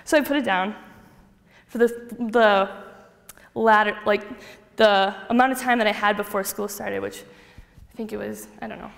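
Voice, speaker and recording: A young woman giving a personal faith testimony to a group, telling her story with lively acted-out dialogue. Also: mid-range voice, normal speed, vocal fry. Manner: animated storytelling, acting out quoted dialogue. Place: hall with a group. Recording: long reverb of a hall.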